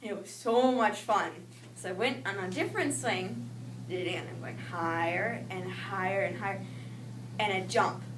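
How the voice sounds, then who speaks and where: A young woman telling a personal childhood story in a lively way, acting out the voices she quotes. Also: medium pitch, normal speed. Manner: animated, acts out quoted voices. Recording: echoey room with noise, mic at a distance.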